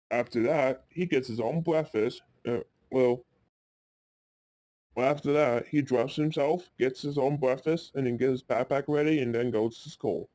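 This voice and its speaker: A man's voice: mid-range voice, measured pace, mellow, dry recording. A man casually improvising a cartoon story for his channel, rambling with frequent restarts. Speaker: YouTube storyteller.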